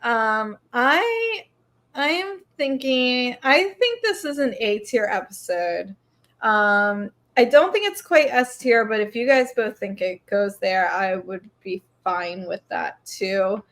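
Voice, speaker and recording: A woman co-hosts a casual chat show. She speaks very slowly in a slightly raised pitch. She pauses often on "um" as she hesitates. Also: lively intonation, fairly bright tone. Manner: hesitant, filler-heavy. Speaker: co-host.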